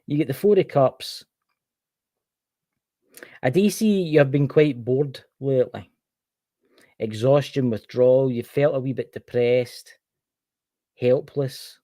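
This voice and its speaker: A man with a Scottish accent runs a chatty tarot reading on a livestream, naming each card and talking straight to one viewer. His voice is mellow and relaxed, set close and dry with no room around it. He keeps it informal and easygoing. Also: medium pitch, slow pace, long pauses, no echo. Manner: chatty, reads each card aloud and addresses the viewer by name.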